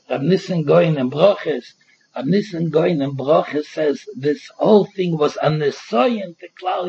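A man delivers a Talmud lecture in an emphatic, repeating, sing-song cadence. His voice sits high and sounds gravelly and very husky. The recording is dull and lo-fi. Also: darkish tone. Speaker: Torah lecturer. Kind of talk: Talmud lecture mixing Yiddish and Hebrew terms.

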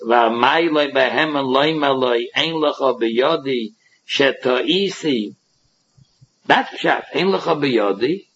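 A man's voice: mid-range voice, fairly bright tone, breathy edge. A man giving a Talmud lecture, explaining each passage by acting out both sides of the dispute. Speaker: Talmud teacher. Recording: dull lo-fi recording.

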